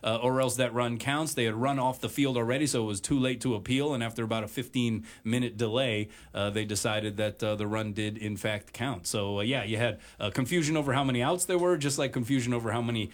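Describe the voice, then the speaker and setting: A man hosting a sports talk radio show in a relaxed, conversational way. He pauses often and fills the gaps with hesitant uhs and ums. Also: mid-range voice. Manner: many filler uhs and pauses.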